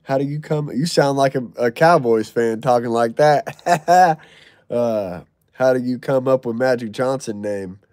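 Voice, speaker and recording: A man's voice: mid-range voice, unhurried, a little hiss or hum. Slangy man chatting on a livestream. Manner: loose, slangy, jokey, excitable over donations. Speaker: livestream host. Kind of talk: casual livestream chat reading viewer comments.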